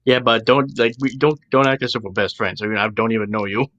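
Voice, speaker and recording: A man playing a tabletop game, talking bluntly and casually and quick to joke. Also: medium pitch, a bit bright, highs cut off. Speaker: player.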